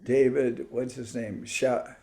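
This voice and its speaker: A man's voice: mid-range voice, little pitch movement, takes it slowly, vocal fry, warm tone. A man giving an informal spiritual talk over a video call, musing aloud and stopping to search for words and names. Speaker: spiritual teacher. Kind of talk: informal online talk to devotees.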